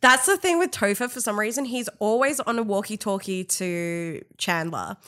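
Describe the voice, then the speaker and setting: A woman's voice: mid-range voice, lively intonation, moderate pace, a bit bright. A woman co-hosting a casual podcast, adding dry, wry comments to a TV recap. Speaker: podcast co-host. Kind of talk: casual chat.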